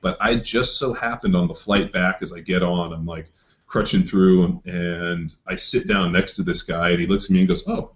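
Middle-aged guy with a lowish voice, cussing his way through a story, kinda dull audio. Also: normal speed. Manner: profane, animated, acts out quoted voices. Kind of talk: casual storytelling chat.

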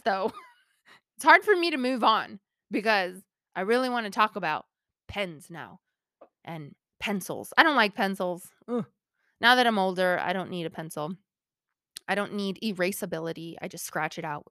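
A woman's voice: medium pitch, animated, measured pace, long pauses, pushed and bright, no room sound, clean studio sound. A woman hosting a motivational solo talk, chatty and playful, laughing often and speaking straight to her listeners.

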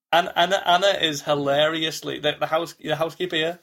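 A man's voice: on the high side, steady tone, a little fast, fairly bright tone. A man co-hosting a podcast, chatting casually and rambling, often restarting his sentences and acting out the lines he quotes. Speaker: podcast co-host. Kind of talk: casual chat.

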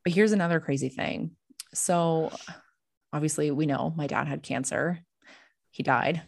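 A woman's voice: low voice, a little slow, creaky, no room sound, studio quality. A young woman on a video call telling a story casually, chatty and full of "like", laughing when things get awkward.

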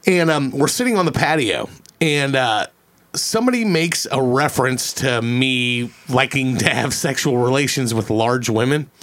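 A man's voice: medium pitch, animated, moderate pace, fairly bright tone. A man, telling a long story on a casual podcast, rambling, swearing and repeating his words. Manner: rambling, profane, repeats words, acts out quoted voices.

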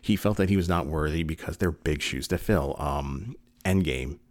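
A man's voice: extremely low pitch, moderate pace, no echo, clean studio sound. A man talking casually in video commentary, earnest and rambling with many fillers and restarts, sometimes choked up. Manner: emotional, getting choked up.

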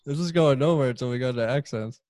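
A man co-hosting a podcast in casual, joking chat, quick to laugh. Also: medium pitch, a little mellow. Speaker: podcast co-host.

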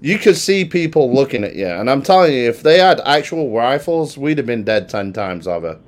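A man's voice: medium pitch, big pitch swings, moderate pace. Joking British man showing photos. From Britain. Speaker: podcast co-host. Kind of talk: casual chat.

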